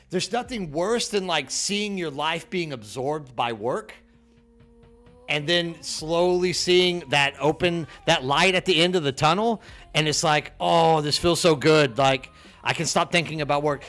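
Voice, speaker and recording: A man's voice: on the high side, a bit bright. A middle-aged man from Texas, chatting casually with viewers on a game stream, friendly and full of "dude", often repeating words as he goes. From Texas, USA.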